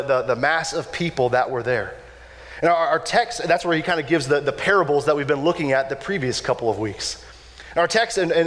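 A man preaching a conversational sermon, casual and animated, often repeating and restarting words as he acts out quoted lines. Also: a little high. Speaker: pastor. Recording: long reverb of a large hall.

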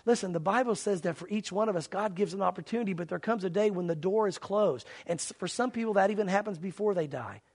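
A man with a very high voice preaches in an earnest, dramatic style. He acts out scenes as he speaks and makes an urgent, pleading appeal to his listeners. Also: fast, few pauses, slightly rough. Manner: dramatic, acts out mocking crowds and shouts; earnest, pleading altar call. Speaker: pastor. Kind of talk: sermon.

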